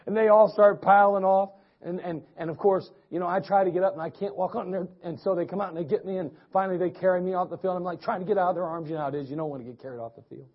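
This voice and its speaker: A man's voice: high voice, fairly even intonation, rapid-fire, few pauses, breathy edge. A male pastor from preaching a sermon, telling a personal story in a folksy way with frequent restarts. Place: church sanctuary. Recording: dull lo-fi church recording.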